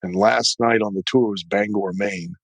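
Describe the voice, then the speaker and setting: A man's voice: on the low side, fairly even intonation, moderate pace, vocal fry, no room sound, rough recording. A man, a retired wrestler, recalling road pranks in a matter-of-fact way. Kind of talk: casual recollection.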